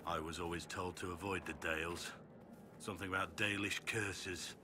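A man's voice: low voice, fairly even intonation, normal speed, sharp tone, slight background noise. An actor playing a wary, skeptical male companion in a video game.

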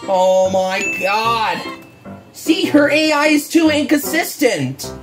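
Exasperated woman streamer, slow drawn-out complaints over game music. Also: a little high, sing-song. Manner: exasperated, frequent groans and "bruh". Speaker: gaming channel host. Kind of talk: horror game commentary. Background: game music and barking dogs.

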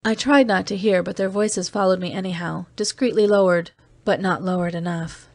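A woman reading an audiobook aloud as a weary, seasoned man, in steady, measured narration. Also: fairly low pitch, no room sound, lightly acted. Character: weary man, seasoned off-world agent, terse. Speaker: audiobook reader. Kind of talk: scripted narration.

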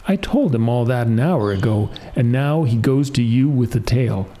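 A man voicing a lonely, weary old cobbler who talks slowly. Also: mid-range voice, animated, dark tone, close to an everyday voice. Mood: gruff.

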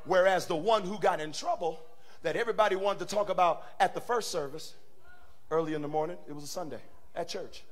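A male pastor preaching a sermon in a church, animated and swinging from quiet talk to shouting. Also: high voice, brisk. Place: church sanctuary.

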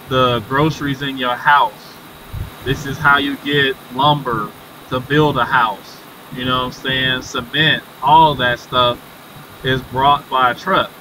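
A man giving casual, chatty commentary on a live gameplay stream, talking to his viewers as y'all and breaking into excited exclamations. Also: mid-range voice, recorded from a distance, a little hiss or hum, low-quality recording. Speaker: livestreamer. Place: inside his truck cab.

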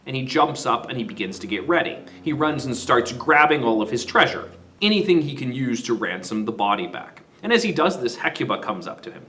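A man lecturing on a classic epic in a relaxed, chatty way. His voice sits in a middle range, with animated rises and falls. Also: medium pitch, fairly quick. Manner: casual, conversational retelling. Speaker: teacher. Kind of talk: literature lecture summary.

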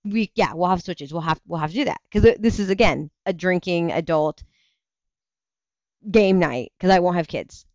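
A worn-out parent of young kids hosts a livestream, answering viewer comments in loose chat that drifts between topics, with sentences cut off midway. Tired and yawning, they ramble, interrupt themselves, and laugh easily between restarts. The medium-pitched, darkish voice moves at a normal speed, and the dry, slightly dull sound resembles lo-fi stream audio.

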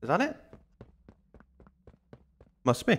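Nervous male VTuber muttering through gameplay. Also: takes it slowly. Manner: nervous, talking to himself, muttering. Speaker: VTuber streamer. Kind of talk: live gameplay commentary.

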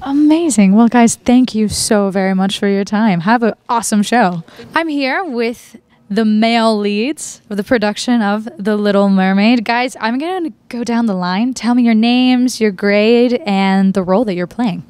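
A woman's voice: on the high side, moderate pace, a little mellow, clear, resonant tone, dry recording. A woman interviewing cast members for a local channel, upbeat and enthusiastic. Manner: enthusiastic, bubbly.

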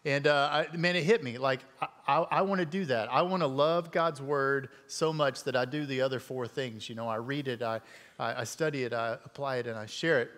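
A middle-aged man, a guest speaker at a church, telling a personal story in a relaxed, conversational sermon full of fillers and folksy asides. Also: mid-range voice, brisk. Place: church sanctuary. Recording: long hall reverb.

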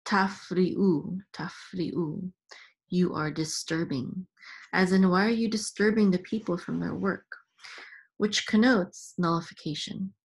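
A husky woman with a fairly low voice leads a patient reading lesson. She speaks very slowly and sounds out each syllable with care. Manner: sounds out syllables slowly, chanting accent marks higher. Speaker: Hebrew reading teacher.

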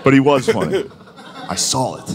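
A man's voice: mid-range voice, sing-song, moderate pace, a crowd in the background. A man doing a live stand-up comedy set, talking loosely and crudely and chuckling at his own jokes.

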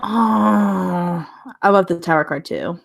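Woman tarot reader, chatty live-stream deck review, laughs easily, warm enthusiasm. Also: on the low side, takes it slowly, creaky. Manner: chatty, laughs often, gushing over the cards.

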